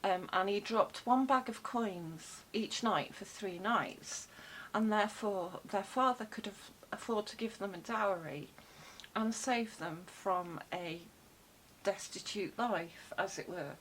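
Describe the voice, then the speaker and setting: A woman with a mid-range, fairly bright voice speaks slowly as she vlogs from home into a desk microphone, cats about the room. Her talk to camera is casual and rambling, full of fillers and wry asides, on a low-quality recording with some hiss or hum.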